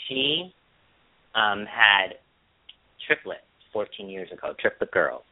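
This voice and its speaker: A man co-hosting a casual podcast, telling a story in long rambling turns and acting out quoted lines in a high mocking voice. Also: very animated, takes it slowly, no room sound. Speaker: podcast co-host. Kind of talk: casual chat. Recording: dry, tinny phone-line sound.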